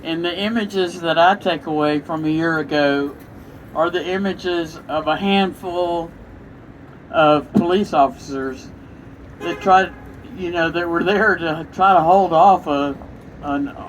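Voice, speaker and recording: A man, an ordained minister, speaking earnestly and haltingly to a crowd at an outdoor vigil. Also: fairly high pitch, a little hiss or hum, rough recording. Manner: earnest, halting, searching for words. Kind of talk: impromptu remarks to a crowd. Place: outdoor town square.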